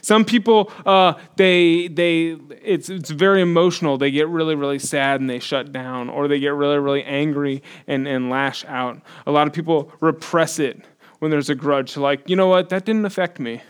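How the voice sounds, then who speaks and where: A male pastor delivering a sermon in a relaxed, talky way with a slightly high voice. He rises to loud, emphatic peaks. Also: normal speed, clear, resonant tone.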